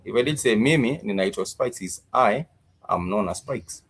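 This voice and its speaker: A man teaching Swahili words in a live-streamed lesson, slowly repeating each word and its meaning, with many fillers. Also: mid-range voice, animated, gravelly, a bit bright, slightly rough.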